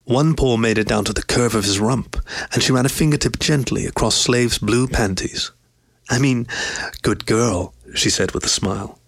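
A man reading a story aloud in an even, steady narration. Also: mid-range voice, moderate pace, creaky, hardly any pauses, slightly rough. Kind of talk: scripted narration.

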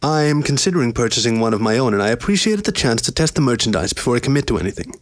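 A man voicing a sharp-tongued adult lioness in a storybook reading, clipped and scornful. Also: medium pitch, lively intonation, very fast, close to an everyday voice. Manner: clipped, scornful, rising when angry.

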